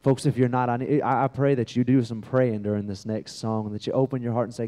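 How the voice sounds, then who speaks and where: A young man, a visiting gospel singer, exhorting a church congregation in a rapid, urgent way, repeating himself as he presses his point. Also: mid-range voice, fairly even intonation, mellow. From West Virginia, USA. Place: church service before a congregation.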